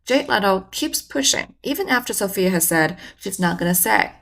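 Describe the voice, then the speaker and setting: A woman hosting a communication channel, giving measured, explanatory scripted narration. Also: medium pitch, expressive, creaky, fairly bright tone.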